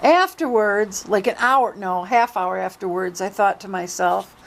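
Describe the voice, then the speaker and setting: A woman's voice: mid-range voice, normal speed, gravelly, rough recording. A woman recording a daily vlog, relating a long story in a casual, chatty way. She slips quoted dialogue into the telling. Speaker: vlogger.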